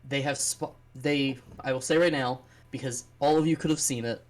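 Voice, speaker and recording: A game master narrating a tabletop battle on a live stream, speaking deliberately with frequent fillers. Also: mid-range voice, steady tone.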